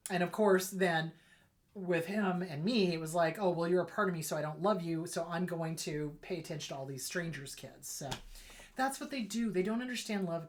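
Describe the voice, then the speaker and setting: A woman therapist hosting her own channel, talking bluntly and emphatically to her viewers, hammering points home by repeating them. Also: medium pitch. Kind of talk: unscripted solo talk to camera.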